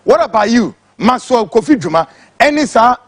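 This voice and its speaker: A man's voice: very high-pitched, sing-song, moderate pace, no echo. A Ghanaian man giving an angry, impassioned political rant, switching between English and Twi. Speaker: political commentator.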